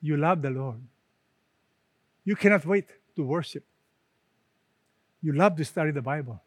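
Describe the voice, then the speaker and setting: A man preaching a sermon, emphatic, rising for stress and dropping soft and low at the ends of his phrases. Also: a little slow, dry recording. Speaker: pastor.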